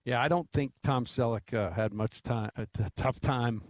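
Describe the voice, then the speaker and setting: A man's voice: medium pitch, moderate pace, darkish tone, dry recording. A man co-hosting a sports radio show, chatting casually and making wisecracks and teasing jabs. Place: radio studio. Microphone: studio microphone.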